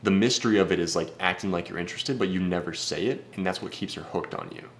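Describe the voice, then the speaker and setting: Brash deep-voiced man giving advice. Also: quick pace, slight background noise. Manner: brash, profane, blunt. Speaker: dating coach. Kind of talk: casual vlog advice talk.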